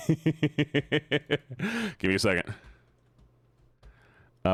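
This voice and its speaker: Excitable streamer guy with lively jumps. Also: takes it slowly, long pauses, dry recording, studio quality. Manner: excitable, swearing, sudden high-pitched outbursts; rambling with restarts, talks to chat. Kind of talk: casual live-stream chat while gaming.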